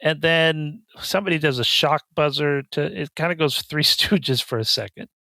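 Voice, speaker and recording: Bright, high-voiced man recapping a film. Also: normal speed, vocal fry, dry recording. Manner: deadpan plot summaries with mocking quoted asides. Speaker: podcast co-host. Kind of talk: casual chat recapping a movie.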